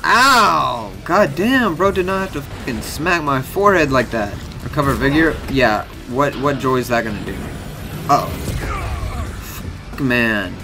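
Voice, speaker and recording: A young man talks through a video game with an animated voice that leaps up and down in pitch. He is excitable and swears often, yelping when hit. Game music plays clearly behind him. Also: unhurried. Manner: excitable, swears a lot, shouts and yelps at hits. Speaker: gaming YouTuber. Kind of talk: let's-play commentary.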